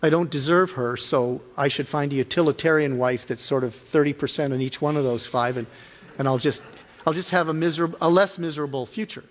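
A male associate pastor preaching a personal testimony, earnest and emotional, with big swings in pitch and force. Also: fairly quick, big-room sound, a little hiss or hum. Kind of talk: sermon testimony.

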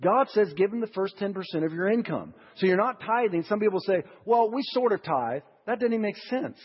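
A man's voice: high-pitched, brisk, husky. A man preaching a sermon in a church. He asks the congregation questions and builds to emphatic lines. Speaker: pastor. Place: church sanctuary. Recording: dull audio with long church reverb.

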